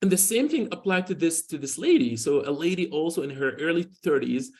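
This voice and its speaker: A man's voice: fairly high pitch, lively intonation, a little fast, darkish tone. A man in his forties, a dermatologist, giving a conversational medical lecture in a loose, rambling way full of "you know" and restarts, telling patient stories. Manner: tells patient stories informally.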